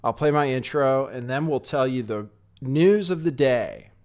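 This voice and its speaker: A man's voice: mid-range voice, animated, a little slow, darkish tone. A man hosting a casual commentary show, talking in a sardonic, rambling way with offhand asides. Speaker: host. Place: home studio, California.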